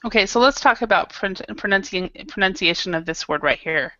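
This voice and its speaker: A woman's voice: mid-range voice, a little fast, sharp tone, dry recording. A woman teaching an online English class, patiently modelling pronunciation over a video call. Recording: dull lo-fi video call audio.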